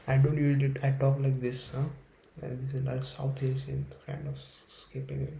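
A young Indian man with a gravelly, mellow voice rambles through a nervous, profane solo podcast. He is recorded without a proper microphone in a roomy space, with a faint hum behind him. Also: mid-range voice, moderate pace. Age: young adult. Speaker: podcast host. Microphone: phone or built-in mic, no microphone.

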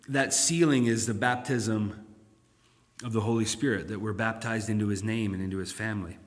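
A man's voice: on the low side, moderate pace. A man pastor teaching a Bible study, conversational and turning emphatic when he reads scripture aloud. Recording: long hall reverb.

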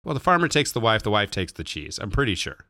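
A man's voice: on the low side, big pitch swings, fast talker, gravelly, pushed and bright, no echo, clean studio sound. A man co-hosting a podcast in casual chat, goofy with dad humor. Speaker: podcast co-host.

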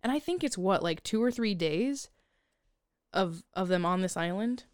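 A woman co-hosting a casual podcast, recapping a movie in a loose, rambling way with plenty of fillers. Her voice sits at an ordinary middle pitch. The sound is dry and close, with no room around it. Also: animated, normal speed, dry recording. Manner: rambling, chatty plot recap with frequent laughs. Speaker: podcast co-host. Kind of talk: casual chat.

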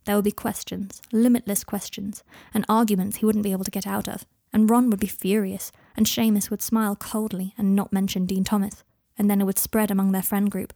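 A woman reading fan fiction aloud in a calm, even narrating voice. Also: mid-range voice, a little fast, vocal fry, few pauses, dry recording, studio quality. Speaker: reader.

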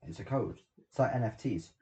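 A man co-hosting a casual podcast, eager and jumping between topics, with excitable bursts. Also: mid-range voice, a little fast. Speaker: podcast co-host. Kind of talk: casual chat.

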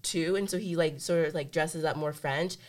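A young woman co-hosting a laid-back podcast, her voice sitting a little low. She rambles playfully, her sentences strung together with fillers. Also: moderate pace, darkish tone. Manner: playful, chatty, filler-heavy with lots of "like". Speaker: podcast co-host. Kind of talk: casual podcast chat.

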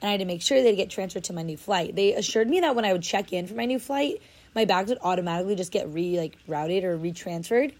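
Speaking fast and expressively in a mid-range voice with a darkish tone, a young adult woman shares a travel story. She's a storyteller vlogger doing casual storytime, chatty and dramatic, with plenty of fillers, first outside and later inside.

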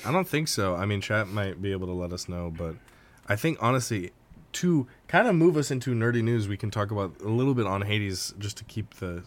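A man with a lowish voice co-hosts a casual gaming podcast. He rambles, restarting sentences and leaning on fillers as he goes. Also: lively intonation, fairly quick. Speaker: podcast co-host.

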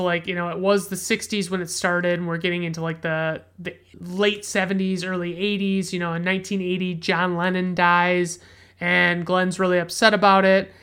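A woman's voice: on the low side, a bit bright. A woman hosting a podcast, reviewing films in a rambling casual way, swearing freely and filling every gap with "like" and "you know". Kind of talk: casual movie review monologue.

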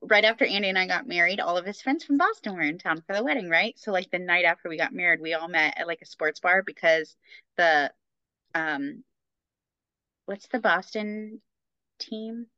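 Woman co-host, casual chat, bright forceful voice, dry dull lo-fi sound. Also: lowish voice, dry recording. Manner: fast, chatty, lots of fillers. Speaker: podcast co-host.

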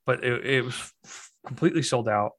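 A man's voice: medium pitch, brisk, a bit bright. A young man co-hosting a casual movie podcast, rambling with restarts and dry, exasperated asides. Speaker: podcast co-host.

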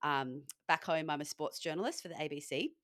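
Chatty Australian woman, lower voice. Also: expressive, brisk, a bit bright. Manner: chatty storyteller, laughs often, acts out quoted dialogue. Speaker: podcast co-host, fitness coach and sports journalist. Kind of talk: casual chat.

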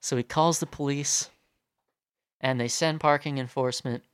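A man's voice: medium pitch, normal speed, smooth, no echo, studio quality. A young man telling a story in a casual, profane rant full of fillers. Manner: profane, animated, many fillers.

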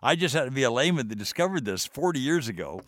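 A man's voice: mid-range voice, big pitch swings, fast, a bit bright, no room sound, clean studio sound. An older man, a podcast guest, telling stories with enthusiasm and acting out the dialogue. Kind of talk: storytelling in a faith podcast.

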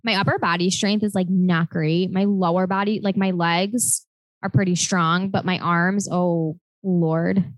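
A woman's voice: lowish voice, fairly even intonation, measured pace, dry recording, low-quality recording. Chatty young woman podcast co-host. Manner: chatty, lots of filler words. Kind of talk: casual chat.

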